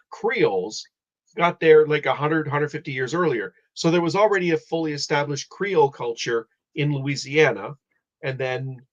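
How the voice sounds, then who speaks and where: Live stream host, male, slightly high voice, rambling explainer, muffled low-fi audio. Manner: rambling, explanatory, many restarts. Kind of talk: casual chat. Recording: dull lo-fi audio.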